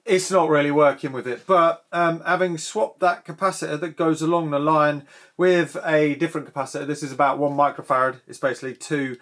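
A man's voice: fairly high pitch, fairly even intonation, a little fast, a bit bright. A man casually demonstrating an old machine, chatting and thinking aloud as he tinkers. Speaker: museum owner demonstrating an answering machine.

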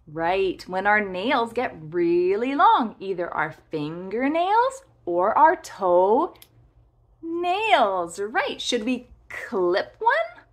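A young woman teaching toddlers to talk, over-articulating each word and pausing for the child to repeat. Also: medium pitch, wildly swooping pitch. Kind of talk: slow, exaggerated speech lesson for toddlers.

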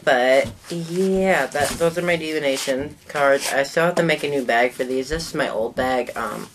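A woman's voice: extremely low pitch, moderate pace, a little hiss or hum. A woman vlogger in a casual show-and-tell talk to the camera, chatty and rambling, often trailing off mid-sentence.

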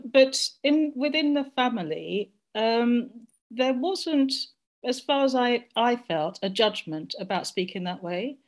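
A middle-aged woman from Jamaica, sharing personal reflections as a panelist in an online group discussion, searching for words as she goes. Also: mid-range voice.

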